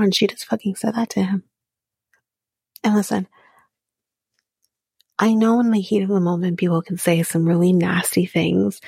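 A woman with a husky, gravelly voice recaps a reality show on her podcast, opinionated and profane. She often slips into a half-whisper as she talks. The sound is close and dry, with no room around it. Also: mid-range voice, darkish tone, dry recording. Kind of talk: casual recap commentary.

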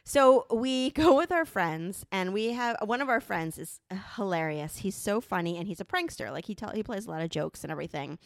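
Middle-aged woman co-host, lively storyteller who swears a lot, close dry sound, even middle pitch. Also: normal speed, vocal fry, hardly any pauses, dry recording. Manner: animated storyteller, swears freely. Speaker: podcast co-host. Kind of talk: casual storytelling chat.

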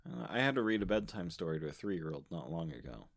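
Podcast cohost lady w a super deep voice, dry jokes, lively ups and downs. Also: fast talker. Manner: dry, quippy interjections. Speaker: podcast co-host. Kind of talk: casual podcast chat.

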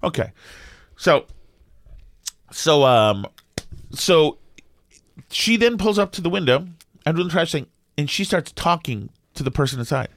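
A middle-aged man, co-hosting a podcast and telling a story in an animated, exasperated way with lots of restarts. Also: on the high side, a little slow, long pauses, dry recording. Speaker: podcast co-host. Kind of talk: casual storytelling chat.

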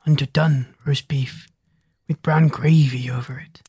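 A single audiobook reader voicing a dog who growls and mumbles in his sleep, in a low, husky voice. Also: steady tone, a little slow, fairly bright tone, dry recording, studio quality. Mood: drowsy. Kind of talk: audiobook character voice.

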